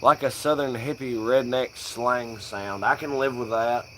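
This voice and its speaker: A man's voice: mid-range voice, steady tone, measured pace, slight background noise, low-quality recording. A young man hosting a live stream, joking around loosely and swearing in casual banter. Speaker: livestream host. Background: crickets.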